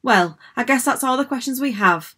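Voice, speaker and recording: A woman's voice: high voice, expressive, normal speed, bright, forceful tone, breathy edge, voice pushed up, heavily acted. A woman voicing a sinister female visitor in a storybook reading, with a tinkling, falsely polite way of speaking.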